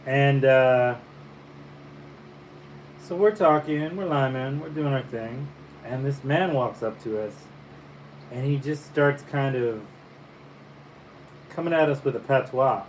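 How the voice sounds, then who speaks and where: A man from the Caribbean, a painter, chatting casually over breakfast in a relaxed, musing storytelling way. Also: medium pitch, slow pace, pauses often, low-quality recording. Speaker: painter and vlogger. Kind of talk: casual breakfast vlog chat. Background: faint fan hum.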